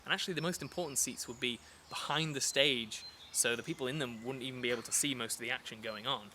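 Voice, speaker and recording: A man teaching a lesson in a relaxed, chatty way, with frequent fillers and restarts. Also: medium pitch, fast talker, a little hiss or hum. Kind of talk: casual explanatory lesson.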